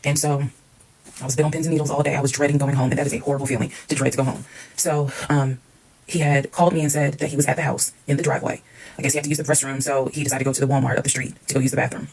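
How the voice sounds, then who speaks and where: A woman tells her story at a breakneck pace, candid and emphatic and quick to swear. Her voice is gravelly with fry and has a husky, raspy edge. It sounds like a casual storytime monologue. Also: a bass voice, flat delivery, a little mellow, rough recording.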